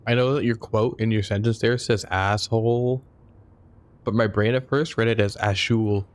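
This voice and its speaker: Young guy streaming games, slightly low voice, cursing and joking around casually. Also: fairly even intonation, brisk, darkish tone. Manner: crude, joking and profane. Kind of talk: casual gameplay commentary.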